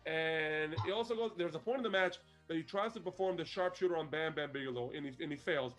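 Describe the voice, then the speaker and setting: A man co-hosting a podcast who retells a show in animated, casual chat and laughs often. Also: fairly high pitch, fast, faint music behind. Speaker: podcast co-host.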